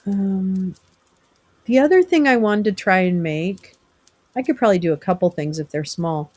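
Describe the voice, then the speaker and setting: A woman's voice: medium pitch, expressive, moderate pace, darkish tone, no room sound. A middle-aged woman from California, hosting a live stream and chatting casually with viewers, rambling and teasing them by name.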